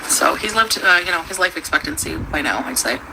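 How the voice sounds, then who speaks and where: A young woman, chatting on a home livestream in a rambling way with many fillers and quick laughs. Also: deep voice, animated, creaky. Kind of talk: casual livestream chat. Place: at home with her pets. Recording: noisy home stream recording.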